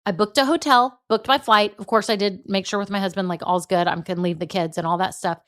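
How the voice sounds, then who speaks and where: A middle-aged Texan woman with a Southern American accent hosts a solo motivational podcast, chatty and encouraging, saying "y'all" and "right." Her medium-pitched voice is fairly bright and fairly even in intonation, and she speaks fairly quickly.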